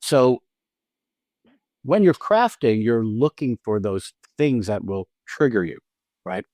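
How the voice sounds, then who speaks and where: A man co-hosting a podcast about acting, chatting in an animated way, acting out quotes and often laughing. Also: lowish voice, slow, no room sound, studio quality. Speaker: podcast co-host and acting teacher. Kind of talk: casual conversational podcast chat.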